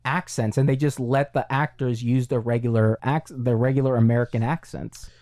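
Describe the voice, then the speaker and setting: A man's voice: medium pitch, fairly even intonation, normal speed, darkish tone. A man co-hosting a casual film review podcast, talking in long rambling runs with many fillers and restarts. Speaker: podcast co-host.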